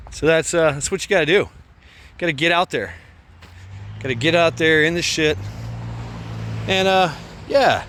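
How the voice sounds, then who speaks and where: Winded man rambling on a slow walk. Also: fairly high pitch, pushed and bright. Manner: laid-back, rambling, laughs at himself. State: out of breath from walking. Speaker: vlogger. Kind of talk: casual walking vlog monologue. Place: outdoors on a trail by a creek. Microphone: phone held while walking.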